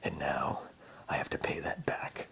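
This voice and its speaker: A man voicing a solemn male anime-style hero in a deep, manly whisper, as whispered role-play. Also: unhurried, a bit bright, natural voice.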